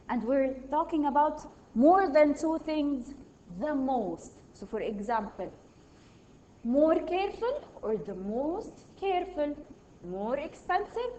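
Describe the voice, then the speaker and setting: A woman's voice: sits high, warm tone, dull audio, slight background noise. A woman teaching a primary school English lesson, patiently reading out exercises and praising each answer. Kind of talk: online grammar lesson.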